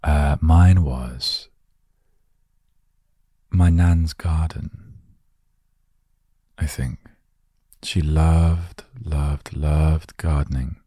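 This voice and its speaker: A man with an extremely deep, dark and husky voice speaks slowly and gently into a close microphone inside his van. His rambling, self-mocking chat is meant to relax the listener. The sound is dry and intimate. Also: steady tone, no echo. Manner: gentle, self-deprecating, meandering. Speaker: host of a relaxation word show. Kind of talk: soft, rambling relaxation talk. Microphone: studio microphone, close.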